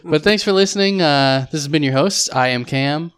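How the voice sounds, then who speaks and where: A man's voice: a little high, normal speed, clean tone. A young man co-hosting a casual podcast, talking in a thoughtful, rambling way with plenty of fillers. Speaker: podcast co-host.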